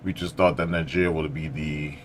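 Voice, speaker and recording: A man's voice: a bass voice, steady tone, a little fast, a little hiss or hum. A man hosting a reaction video, talking casually and frankly, scolding one moment and sympathizing the next. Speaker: reaction streamer host.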